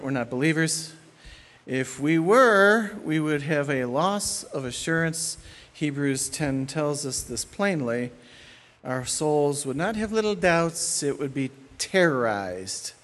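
A middle-aged male pastor preaching a sermon in an animated way, acting out the voices of the people he describes. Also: mid-range voice, long reverb tail.

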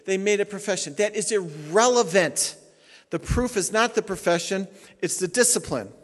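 A middle-aged man, a pastor, preaching a sermon emphatically, swinging between hushed and loud, sounding tired. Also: high voice, expressive, moderate pace. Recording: long hall reverb.

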